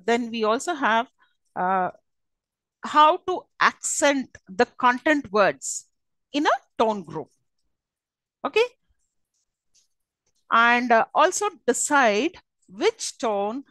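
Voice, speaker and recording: A woman's voice: mid-range voice, a bit bright, dry recording, rough recording. A woman with an Indian English accent giving a university lecture on phonetics, with many fillers and frequent checking questions to the class.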